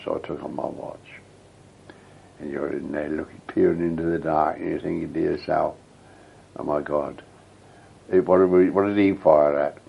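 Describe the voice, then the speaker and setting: A man's voice: sits low, gravelly, slightly rough, muffled recording. An elderly man with a rambling, reminiscing way of telling stories, interviewed for an oral history. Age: older. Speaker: veteran interviewee.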